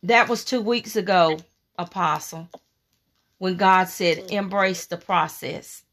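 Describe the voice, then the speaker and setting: A woman preacher delivers a sermon with fervent emphasis, leaning on repeated phrases. Her voice is bright and forceful, and she takes her time, stretching out her words. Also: lowish voice. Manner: reads scripture in a slow, measured cadence.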